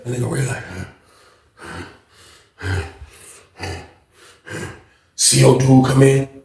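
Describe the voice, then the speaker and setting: A man telling a casual storytime, slangy and animated, acting out the people in it with a gravelly voice. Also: mid-range voice, measured pace, pauses often, reverberant.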